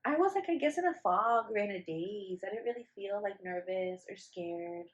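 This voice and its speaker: A woman's voice: medium pitch, expressive, normal speed, highs cut off. A young woman vlogger telling a personal story in a casual, chatty way, with many fillers and restarts. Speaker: vlogger, new mother.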